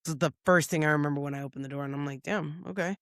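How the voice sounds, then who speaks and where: A woman co-hosting a podcast, telling a casual story with lots of swearing and quick impressions of other people's voices. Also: sits low, clear, resonant tone, no room sound, studio quality. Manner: profane, lively, acts out others' lines. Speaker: podcast co-host. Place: podcast studio.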